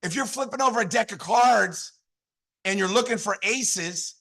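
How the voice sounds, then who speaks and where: Fired-up man with a high, bright voice. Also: normal speed. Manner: fired-up, repetitive, call-and-response. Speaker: network marketing leader. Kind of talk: motivational training talk.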